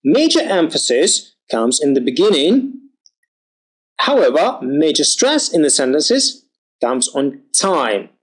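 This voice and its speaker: A male pronunciation teacher talks slowly and deliberately, letting his pitch swing widely as he models each word. He enunciates every drill word with care. He sounds like a lesson recorded at home. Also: sing-song, slightly rough, rough recording. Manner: slow, careful enunciation with exaggerated pitch on drill words.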